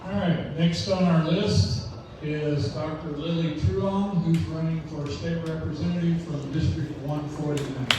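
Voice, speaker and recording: A man's voice: a little high, fairly even intonation, a little slow. A man acting as emcee, introducing candidates one by one at an outdoor rally. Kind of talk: introducing speakers. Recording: echoey, distant, crowd noise.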